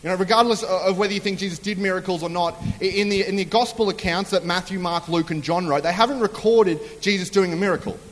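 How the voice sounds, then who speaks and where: High-voiced preacher in a reverberant hall. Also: male voice, fast talker, hardly any pauses. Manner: chatty storytelling with acted-out quotes. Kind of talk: humorous sermon.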